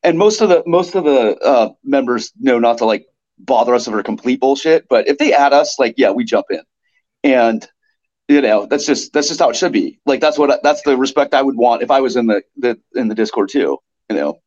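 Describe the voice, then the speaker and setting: A man's voice: mid-range voice, normal speed, muffled recording. A man speaking bluntly and with feeling in a casual podcast interview, often swearing, sounding fed up. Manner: blunt, animated, swears freely. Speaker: NFT project co-founder guest.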